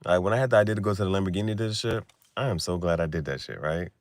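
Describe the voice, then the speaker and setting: A young man talking casually late at night in loose slang, laughing often and swinging between loud bursts and mumbles. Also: deep voice, very fast, no echo. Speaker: vlogger.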